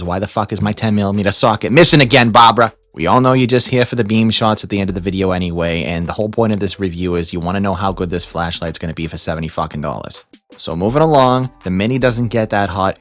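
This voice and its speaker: A man with a Boston accent reading a product review script for comedy, full of profane, sarcastic asides. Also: deep voice.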